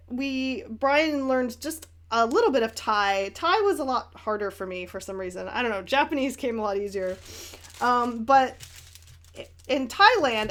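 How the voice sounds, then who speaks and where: A young woman from the US chats in a relaxed, rambling way while she paints, answering questions from her viewers. Her voice sits a little high, and her talk is full of ums, restarts and small laughs. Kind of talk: casual paint-along chat.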